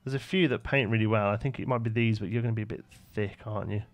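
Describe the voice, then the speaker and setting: He's a Brummie from the West Midlands, England, building things on a live stream and chatting casually as he reads out and answers viewers' messages. He speaks rapid-fire at a fairly low pitch, with no echo.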